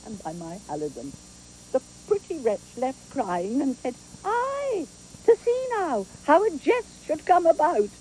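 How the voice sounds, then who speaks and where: A garrulous old nurse rambles fondly through her memories in a slow, unhurried stage delivery. Her voice swoops widely from low to high, chuckling as it goes. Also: sing-song, darkish tone, slight background noise, rough recording. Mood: fond rambling. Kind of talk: theatrical Shakespeare performance.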